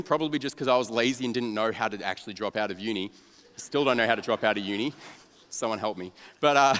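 A young man, a youth pastor, telling a story of his own to an audience in a self-mocking, animated way, dropping to a flat mumble for his cynical asides. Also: mid-range voice. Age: young adult. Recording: long reverb of a large hall.

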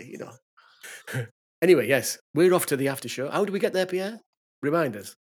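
Husky-voiced man in casual podcast chat. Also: a little high, lively intonation, moderate pace. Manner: chatty, laughs easily, friendly. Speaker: podcast co-host.

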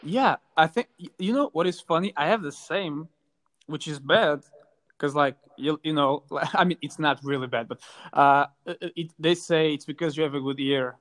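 Man, casual chat, hesitant, playful, slightly high voice. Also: normal speed, a bit bright. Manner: hesitant, many fillers and restarts, playful.

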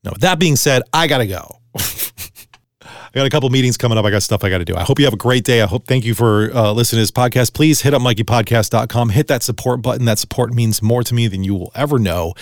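A middle-aged man delivers a solo podcast monologue in a blunt, profane, ranting way. His voice sits at an ordinary middle pitch. The recording is dry and close, with no room sound. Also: fast talker, no room sound. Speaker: podcast host.

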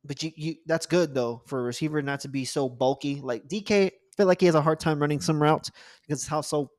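A man with a slightly higher voice, recorded dry and close, chats loosely about football. He laughs easily and swears casually. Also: fairly quick, no echo. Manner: laid-back, laughing, profane. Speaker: podcast co-host. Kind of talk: casual sports chat.

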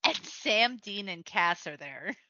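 A woman co-hosting a podcast, playfully setting up scenes and laughing brightly. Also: medium pitch, animated, slow, no room sound, dull audio. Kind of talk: casual fan chat.

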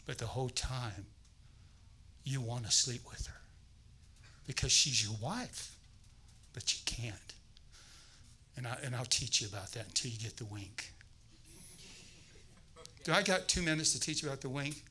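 Bright-voiced, animated male preacher. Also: mid-range voice, measured pace, long pauses, a little hiss or hum, poor audio. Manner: animated storytelling, acting out voices. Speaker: guest preacher. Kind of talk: sermon.

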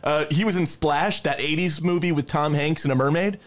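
A man's voice: fairly high pitch, a little fast, slight background noise. A young man co-hosting a podcast, reading through actors' film credits in a casual chat and laughing often. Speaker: podcast co-host.

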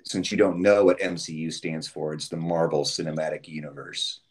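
A man with a very deep voice chats in an easy, deadpan manner. He drops dry wisecracks at his co-host. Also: moderate pace. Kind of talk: casual banter.

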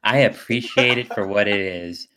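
Male co-host, very low voice, dry sense of humor, casual. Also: normal speed, crowd noise, rough recording. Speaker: podcast co-host. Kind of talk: casual chat.

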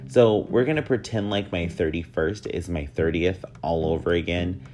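A man's voice: deep voice, moderate pace, darkish tone. A man in his thirties with a nasal voice, hosting a casual solo podcast in a joking, rambling way that often mocks himself. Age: 30s. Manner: joking, rambling, self-mocking. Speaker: podcast host.

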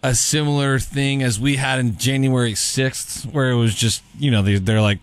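A man hosts a relaxed conversation with an easy, joking manner. He asks follow-up questions in a plain voice of middle pitch for a man. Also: normal speed, smooth. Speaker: podcast host. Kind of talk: casual chat.

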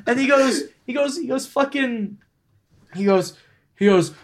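A man co-hosting a casual podcast chat, telling stories in a profane, excitable way. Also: high voice, normal speed, slight background noise. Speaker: podcast co-host.

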